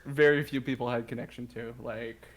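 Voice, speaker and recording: A man's voice: mid-range voice, steady tone, normal speed. A man co-hosting a casual chat who asks questions hesitantly, with many filler words. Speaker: co-host asking questions.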